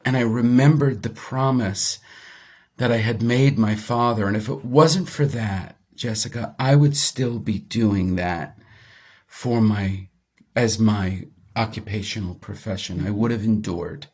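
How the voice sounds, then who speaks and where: A middle-aged man, a guest on an interview show, telling a personal story in an animated way. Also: fairly low pitch, unhurried, breathy edge. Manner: animated storyteller, acts out quoted voices.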